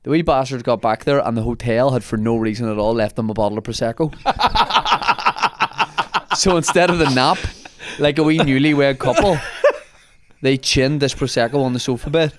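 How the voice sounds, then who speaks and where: A man hosting a comedy podcast, telling an animated anecdote in casual chat and laughing often. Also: mid-range voice, normal speed, slight background noise.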